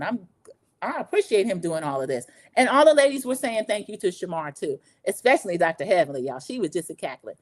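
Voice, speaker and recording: Chatty woman recapping reality TV. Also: a little high. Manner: chatty, retells quotes in animated voices. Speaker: recap podcast host.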